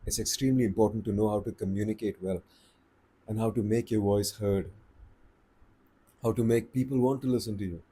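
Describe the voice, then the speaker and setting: A man talks through voice tips in a casual, easygoing way, slowing down to stress his points. His voice sits low and sounds mellow and warm. The tone has a soft, husky edge. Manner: relaxed, unhurried, conversational, slows down for emphasis. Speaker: vlogger giving voice tips. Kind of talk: casual advice talk to camera.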